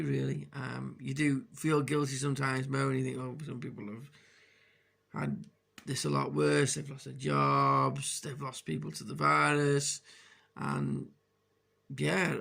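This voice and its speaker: A man records a personal video diary in a heavily gravelly, creaky voice with a fairly bright tone and ordinary middle pitch. As a vlogger, he talks frankly and hesitantly about his struggles, with many restarts and fillers.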